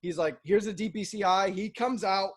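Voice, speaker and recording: Animated high-voiced man telling a story. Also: normal speed. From Boston. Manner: animated storyteller, acts out voices, swears casually. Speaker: co-host. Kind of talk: casual storytelling chat.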